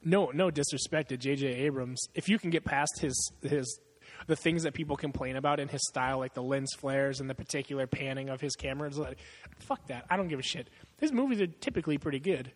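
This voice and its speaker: A man's voice: medium pitch, a little fast, hardly any pauses, in a large hall. A man in a casual movie chat, rambling and swearing a lot, often breaking into laughter.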